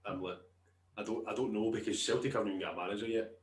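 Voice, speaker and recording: Deep-voiced Scottish man, casual banter. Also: steady tone, very fast, roomy sound. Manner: laughs often, chatty banter. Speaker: podcast co-host. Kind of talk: casual chat.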